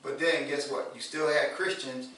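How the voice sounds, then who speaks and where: A man preaching a sermon in a relaxed, conversational way, repeating words and rising to loud emphasis. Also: fairly high pitch, normal speed, a little hiss or hum. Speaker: pastor. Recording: echoey room from far off.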